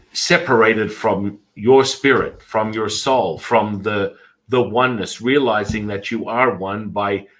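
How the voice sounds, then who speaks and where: Rambling low-voiced male podcast host. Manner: rambling, repeats words, many fillers; does animated voices when telling stories. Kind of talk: casual spiritual interview chat.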